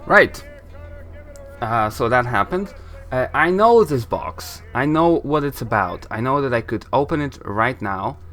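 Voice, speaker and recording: A man's voice: mid-range voice, expressive, unhurried, fairly bright tone, soft background music. A man giving casual let's-play commentary, rambling, correcting himself and chuckling at himself as he plays and reads aloud. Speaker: gameplay commentator.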